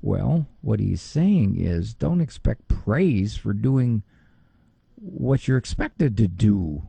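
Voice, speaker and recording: Animated gravelly middle-aged man. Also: no room sound. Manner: animated, quick to mimic others in a high voice. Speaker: psychologist. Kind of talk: talk on parenting and faith.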